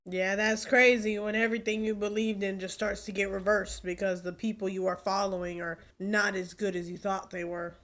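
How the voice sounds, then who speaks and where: A woman's voice: mid-range voice, little pitch movement, moderate pace, hardly any pauses, a bit bright. A young woman hosting a reaction video, chatting casually and talking back to the screen. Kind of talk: casual film commentary.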